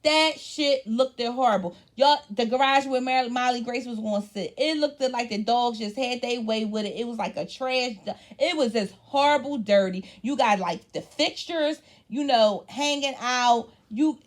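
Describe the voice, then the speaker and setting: Woman, slightly high voice, blunt and cussing, casual recap chat. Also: normal speed, few pauses. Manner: blunt, profane, animated storytelling. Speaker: reality TV recap host.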